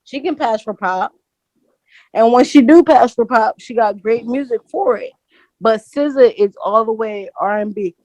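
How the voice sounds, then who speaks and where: A fairly high-pitched woman makes her case on a podcast, stubborn and repeating herself as the argument heats up. Her voice sounds close and dry, with no room echo. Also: normal speed. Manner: insistent, repeats her points, gets loud. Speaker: podcast co-host. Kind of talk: heated casual debate.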